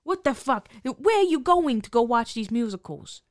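In an improvised comedy sketch, a woman plays a brash, foul-mouthed seller hawking hair baskets, talking with snarky, sarcastic dismissiveness. Her highish voice is sing-song at a moderate pace, with slight background noise.

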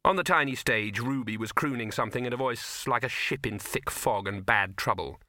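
A man's voice: medium pitch, moderate pace, pushed and bright, dry recording. A man narrating a comic fantasy audiobook in a dry storytelling manner. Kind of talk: scripted narration.

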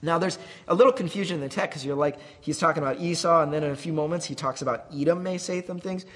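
A man preaching a conversational sermon as pastor, slowing down to voice God's promises with emphasis. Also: a little high, a bit bright, long reverb tail.

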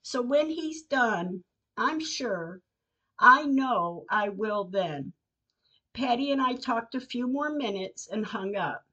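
Slow, heartfelt older woman reading her diary. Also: a little high, lively intonation, sharp tone. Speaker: podcast host. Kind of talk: reading personal diary entries aloud. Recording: dull lo-fi recording.

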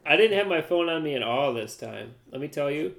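A man's voice: a little high, animated, brisk, vocal fry, noisy background. Playfully defensive man in banter. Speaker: podcast co-host. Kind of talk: casual chat.

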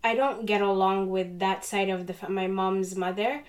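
A woman chatting casually, telling a story with lively acted-out voices of other people. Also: mid-range voice, normal speed. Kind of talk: casual chat.

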